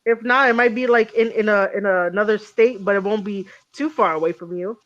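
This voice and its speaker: A woman's voice: medium pitch, fairly quick, fairly bright tone, muffled recording. A woman hosting a podcast in casual chat, rambling with lots of ums and restarts and cursing freely. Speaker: podcast host.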